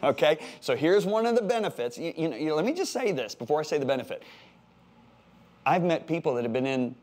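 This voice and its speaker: Older American male preacher, lively and humorous, repeats words for punch, voice a bit high. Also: fairly quick. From United States. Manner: animated, repeats words for emphasis, jokey asides. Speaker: pastor. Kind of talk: sermon-style Bible teaching.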